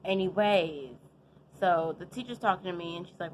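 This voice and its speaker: A young woman with a lowish voice tells a story straight to camera in a loose, chatty way. She keeps throwing in fillers and side comments as she goes. Faint noise sits behind her. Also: a little fast, low-quality recording. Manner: chatty and animated, full of fillers and asides. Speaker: vlogger. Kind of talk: casual storytime monologue. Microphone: adjusting the camera setup while talking.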